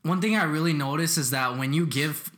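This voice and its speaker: A young man from Canada co-hosting a casual podcast chat, telling stories in a relaxed way with lots of ums and likes. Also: fairly high pitch, a little fast, slight background noise. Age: young adult. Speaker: podcast co-host.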